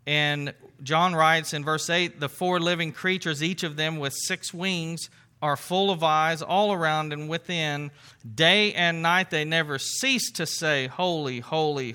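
A man's voice: on the high side, sharp tone, clear, resonant tone. A man preaching a sermon to his congregation, conversational, with rhetorical questions and asides. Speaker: pastor.

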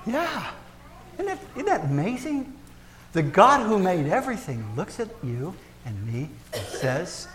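A male pastor preaches in a church with a voice that sits fairly high for a man. He is folksy and jokes with the congregation, then swings between loud, forceful emphasis and soft, hushed asides. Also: big pitch swings, unhurried. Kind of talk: sermon.

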